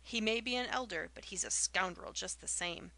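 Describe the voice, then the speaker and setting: A spiteful old village gossip, as a woman reader puts her on, hurls loud derisive remarks in rustic dialect. Her voice is gravelly with a sharp, bright edge. It is an audiobook reading of a storybook scene. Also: mid-range voice, moderate pace.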